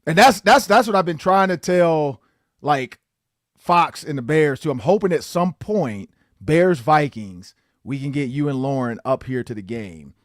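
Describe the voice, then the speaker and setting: Earnest podcast host, dry close sound. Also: male voice, on the high side, expressive, measured pace, no room sound. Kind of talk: casual podcast chat.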